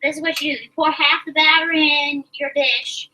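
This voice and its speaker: A woman's voice: sits high, steady tone, moderate pace, pushed and bright, distant mic, poor audio. A woman hosting a casual cooking live stream, chatting enthusiastically and explaining her steps as she cooks. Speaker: host.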